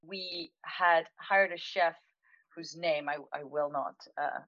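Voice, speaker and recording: A woman who owns a restaurant, telling an anecdote in a chatty, animated way, laughing now and then and using lots of fillers. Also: low voice, slow, no room sound. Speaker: restaurant owner. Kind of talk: anecdotal storytelling in conversation. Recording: dull lo-fi, dry sound.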